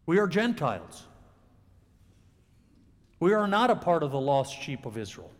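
A man preaching a sermon to a congregation, with dramatic pauses and expressive delivery. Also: on the high side, in a large hall. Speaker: pastor. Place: church sanctuary.

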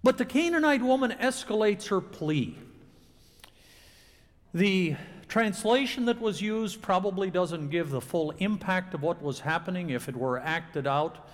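A man preaching a sermon to a congregation, with dramatic pauses and expressive delivery. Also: sits high, in a large hall. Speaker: pastor. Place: church sanctuary.

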